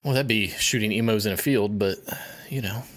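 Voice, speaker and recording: A man's voice: fairly low pitch, brisk, crowd noise. A man co-hosting a podcast in casual chat, rambling, restarting his sentences, swearing and laughing often. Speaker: podcast co-host.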